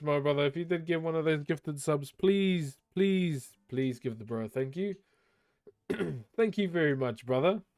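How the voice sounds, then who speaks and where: A man, live-streaming and warmly thanking viewers. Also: medium pitch, dry recording, studio quality. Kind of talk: live stream chat and reading aloud.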